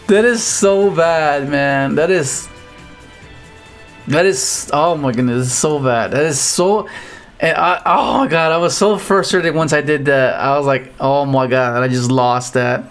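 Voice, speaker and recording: Animated man recapping his card game. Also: fairly high pitch, measured pace, soft background music. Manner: rambling, restarts often, animated exclamations. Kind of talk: casual gameplay commentary.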